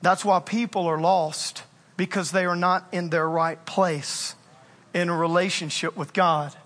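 A high, bright male voice preaching in his forties, with a slightly breathy edge. He tells jokes at his own expense and swings between lively storytelling and quiet stress. The sound rings with the long reverb of a large church hall. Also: unhurried. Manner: animated, self-mocking storytelling. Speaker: pastor. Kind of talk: sermon.

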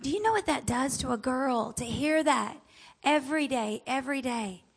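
A woman's voice: high-pitched, lively intonation, moderate pace, vocal fry, breathy edge. A woman speaker giving an inspirational talk to a women's audience, emphatic and chatty, repeating affirmations, calling out amen and asking the room questions.

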